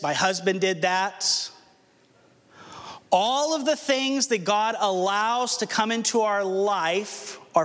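Male pastor, high voice, earnest sermon delivery, reverberant room. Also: a bit bright. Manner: earnest preaching with rhetorical questions and dramatic slowdowns.

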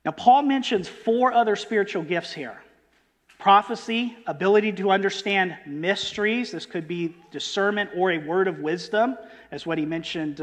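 A man preaching a sermon, emphatic, rising on quoted verses and dropping low on key words, and asking his listeners rhetorical questions. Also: big-room sound.

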